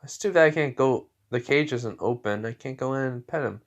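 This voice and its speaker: A man voicing a gentle, animal-loving teenage ninja girl in a spoken fan story, soft and earnest, a little higher than his own voice. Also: brisk, lo-fi sound, natural voice.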